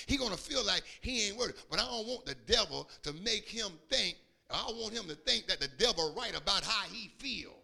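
A man preaching, his high, gravelly voice ringing bright and sharp. He swings his pitch widely and climbs into fervent shouts, acting out the quoted speakers as he goes. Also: very animated, brisk. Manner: preaching with call-and-response rhythm and acted-out quotes, rising to shouts. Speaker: pastor. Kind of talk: sermon.

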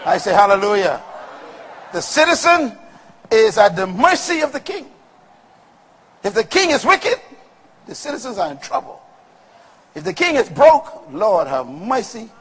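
A man preaching a sermon to a congregation with call-and-response and rhythmic, shouted peaks. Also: sits high, very animated, a little slow, long pauses, slightly rough, a faint crowd. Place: large room with congregation. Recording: long reverb of a large hall.

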